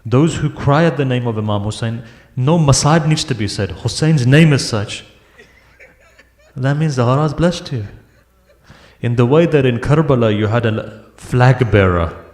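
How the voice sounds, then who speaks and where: A man's voice: medium pitch, a little slow, a little mellow. Impassioned male preacher in an echoey hall. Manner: builds to impassioned wailing. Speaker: majlis speaker. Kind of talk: emotional mourning sermon. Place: large prayer hall.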